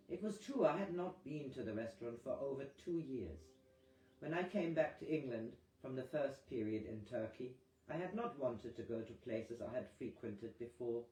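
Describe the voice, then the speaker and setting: A man reading a book aloud in a live session, unhurried and plain with pauses. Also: medium pitch, animated, dark tone, slight background noise. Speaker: reader. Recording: echoey room with faint music.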